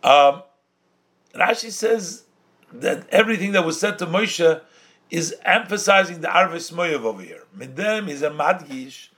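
A man's voice: fairly high pitch, animated, unhurried, a bit bright. A man teaching a Torah text, explaining phrases in English mixed with Yiddish and Hebrew terms in a sing-song study cadence. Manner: explains by translating phrases, then restating them. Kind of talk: Talmudic-style study lesson.

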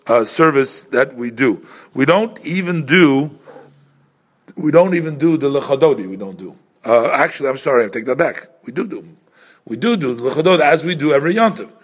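A man with an of giving an informal religious lesson, explaining step by step and often pausing, repeating words and correcting himself. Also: a little high. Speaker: teacher explaining prayer customs.

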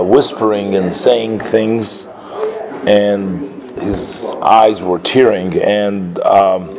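A man telling a religious story as a lesson, in a halting way with many filler sounds and restarts. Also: lowish voice, poor audio.

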